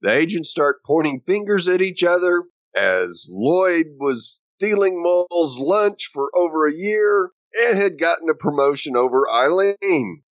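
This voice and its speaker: A man's voice: a little high, animated, measured pace, hardly any pauses, no echo, muffled recording. A man co-hosting a casual chat, narrating plot points and laughing along. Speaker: podcast co-host.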